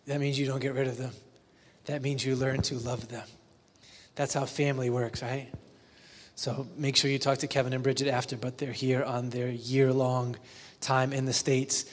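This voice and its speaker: A man preaching a sermon as a pastor, conversational, often asking the congregation questions. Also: medium pitch. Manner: conversational, asks the congregation questions, acts out silly quotes. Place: church hall with long reverb. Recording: reverberant church hall.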